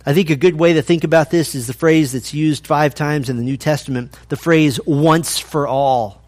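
A man preaching a sermon, animated in his storytelling and acting out the voices he quotes. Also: on the high side, fairly quick. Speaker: pastor.

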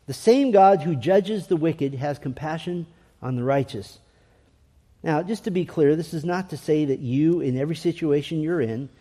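A man's voice: on the high side, dark tone, big-room sound. A man preaching a sermon in an earnest, emphatic way, asking rhetorical questions and reading scripture aloud. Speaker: pastor.

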